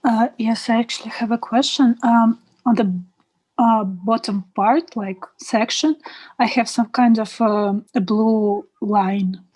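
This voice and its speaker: A woman student hesitantly asks about her screen in an online class, stopping often for fillers. Her voice is a little high and comes through a tablet on a video call. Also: steady tone, takes it slowly, darkish tone. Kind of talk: asking a question in an online class.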